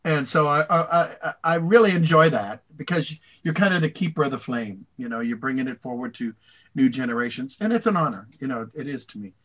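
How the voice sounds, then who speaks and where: An older man, a voice actor, answering interview questions in a rambling, animated way, slipping into voices. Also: mid-range voice, a little fast. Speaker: voice actor guest.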